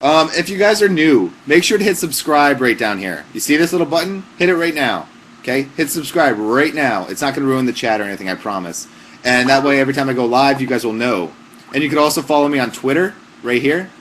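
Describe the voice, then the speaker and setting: Deadpan young man giving joke advice. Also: mid-range voice, brisk, a little hiss or hum. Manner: mock-serious, deadpan joking advice with frequent fillers. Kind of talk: casual comic livestream chat.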